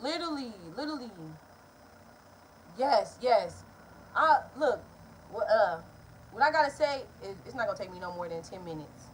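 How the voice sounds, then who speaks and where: A young woman, telling a story in a casual vlog, animated and profane. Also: on the high side, normal speed, pauses often, slight background noise. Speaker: vlogger.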